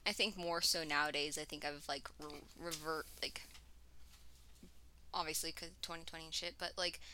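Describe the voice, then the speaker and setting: A young woman chatting as a podcast guest, animated and swearing, often trailing off mid-thought. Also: deep voice, normal speed. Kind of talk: casual chat.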